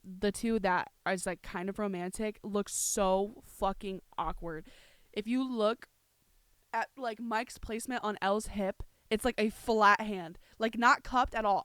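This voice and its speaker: A woman hosting a podcast, ranting heatedly, swearing freely and breaking into shouts. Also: mid-range voice, clear, resonant tone, no room sound. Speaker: podcast host. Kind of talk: casual ranting commentary.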